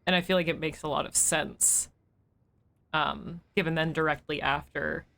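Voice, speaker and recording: A woman's voice: sits low, steady tone, moderate pace, vocal fry, a bit bright. Rambling, reflective woman streamer. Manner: rambling and reflective, many fillers and restarts. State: emotional and weepy. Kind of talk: live-stream gameplay commentary.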